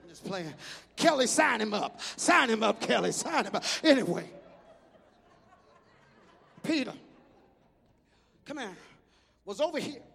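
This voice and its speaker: A male preacher telling a storytelling sermon, breaking into rhythmic shouts. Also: very high voice, sing-song, a little slow, vocal fry, pauses often, husky. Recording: echoey hall reverb.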